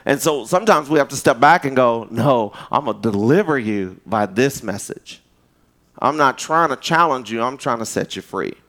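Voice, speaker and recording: Speaking at a moderate pace, a man delivers a sermon in a lively, story-driven style. His pitch jumps up whenever he acts out the voices of people he's quoting.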